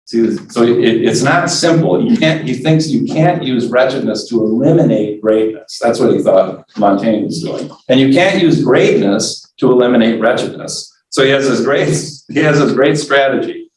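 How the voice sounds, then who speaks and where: A man's voice: medium pitch, animated, moderate pace, distant mic, slight background noise. A man teaching a church forum class in a conversational way, often checking in with "right?" and acting out inner voices. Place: church meeting room. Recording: roomy church space, voice from off mic.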